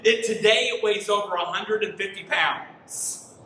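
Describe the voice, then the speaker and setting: A man in his thirties delivers a sermon with lively, animated storytelling, his high voice bright and ringing. He sounds worn out from lack of sleep. The mic sits back from him in an echoey church room with a faint hum of ambience. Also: unhurried, recorded from a distance. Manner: animated storytelling, rising to near-shouts in frustration. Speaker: pastor. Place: church sanctuary.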